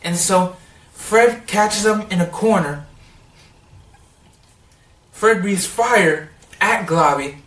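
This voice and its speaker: A man giving a casual, rambling recap of a cartoon episode, excitable and full of "like.". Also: high voice, takes it slowly, long pauses, recorded from a distance. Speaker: TV episode reviewer. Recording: roomy sound, set back from the mic.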